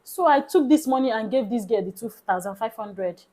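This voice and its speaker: A woman with a Nigerian accent telling a personal story in a casual, animated way, sometimes dropping into soft hushed tones. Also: on the high side, brisk, poor audio. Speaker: vlogger.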